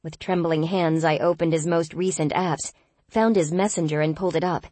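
A woman giving a tense, expressive first-person audiobook narration. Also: low-pitched, moderate pace, no room sound.

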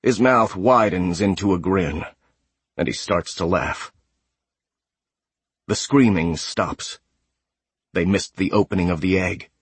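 A man narrating a sci-fi audiobook in a steady, measured way. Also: low voice, breathy edge, dry recording. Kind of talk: scripted narration.

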